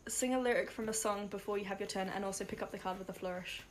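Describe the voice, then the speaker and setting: A woman's voice: medium pitch, fairly even intonation, fast, a little hiss or hum. A young woman co-hosting a casual podcast while playing a drinking game, giggly and bossy about the rules. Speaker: podcast co-host.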